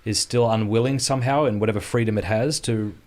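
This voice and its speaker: A man's voice: lowish voice, fast talker, a little mellow. A man hosting an interview, asking thoughtful questions with many restarts. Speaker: podcast host. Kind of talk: interview conversation.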